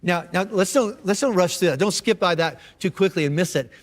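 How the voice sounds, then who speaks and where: High-voiced pastor in an echoing hall. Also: male voice, fairly quick. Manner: casual and conversational, with slang and restarts. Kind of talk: sermon.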